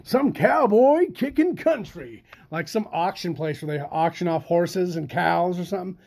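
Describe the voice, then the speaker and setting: A man hosts a casual podcast in a loose, rambling way. He drifts from topic to topic, full of ums and restarts. His voice sits slightly high for a man. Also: lively intonation, moderate pace, gravelly, a little mellow. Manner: rambling, chatty, lots of fillers and restarts. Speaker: podcast host. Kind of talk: casual chat.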